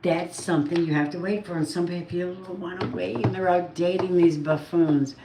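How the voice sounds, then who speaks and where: Low-voiced woman giving a tarot reading. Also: fairly even intonation, moderate pace. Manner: chatty and blunt, occasional swearing. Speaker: tarot reader. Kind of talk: casual tarot card reading. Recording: roomy echo, faint noise.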